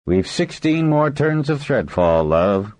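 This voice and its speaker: A man's voice: mid-range voice, big pitch swings, slow pace, a little mellow, no room sound, pitched above the performer's own voice. A man voicing a weary older dragonrider leader with a dry, facetious manner, in a dry audiobook recording.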